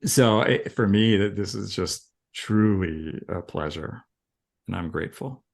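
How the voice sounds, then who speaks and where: A man with a somewhat low voice chats as a podcast guest. He talks earnestly and haltingly, piling in fillers and restarts. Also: lively intonation, vocal fry. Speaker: podcast guest, recovery coach. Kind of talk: casual podcast conversation.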